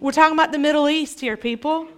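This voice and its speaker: A woman pastor preaching a sermon, animated and humorous, acting out scripture scenes as she teaches. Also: high voice, fast.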